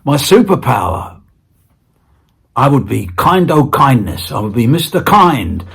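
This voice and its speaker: Husky, playful British man. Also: mid-range voice, sing-song, unhurried, fairly bright tone. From Britain. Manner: playful, rambling, with stammered restarts. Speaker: interview guest. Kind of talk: casual chat.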